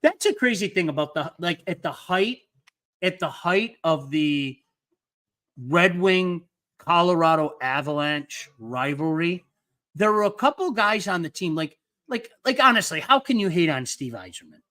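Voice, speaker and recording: A man hosting a casual hockey watch party, telling stories animatedly and stumbling over repeated words when excited. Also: a little high, a little slow. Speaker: host. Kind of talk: casual chat.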